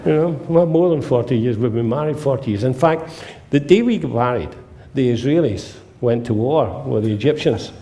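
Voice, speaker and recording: A man's voice: medium pitch, normal speed, dark tone. A man, giving a humorous seminar talk to a live audience as the presenter. He tells jokey stories and acts out the dialogue in them.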